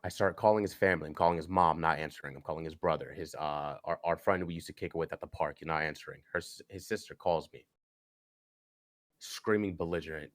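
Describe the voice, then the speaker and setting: A young man on a podcast, telling a personal story earnestly, haltingly, with frequent restarts. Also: rumbling low, fairly even intonation, no room sound, studio quality. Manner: earnest, halting, with many restarts and "you know". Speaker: podcast guest.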